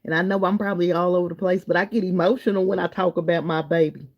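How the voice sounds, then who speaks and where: Talking fast in a lowish voice with fairly even intonation, this middle-aged live-stream host reads out viewers' comments and chats warmly, drifting from topic to topic and encouraging people. The highs in the recording are cut off.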